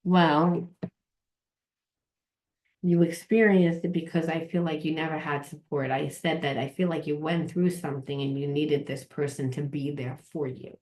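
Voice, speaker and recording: Woman, low-pitched, tarot reader, rambling casual delivery, repeats words. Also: steady tone, normal speed, darkish tone. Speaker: tarot reader and trauma coach.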